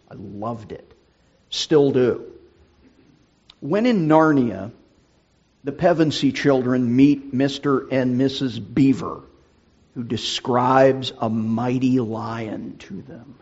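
A middle-aged male pastor with a husky voice, preaching a sermon in an earnest, deliberate way. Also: mid-range voice, darkish tone, muffled recording.

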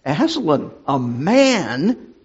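A man's voice: big pitch swings, drawn-out words, slightly rough, muffled recording, exaggerated voice. A man voicing a stern, proud male talking beaver in a storybook read-aloud. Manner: stern, booming storybook reading.

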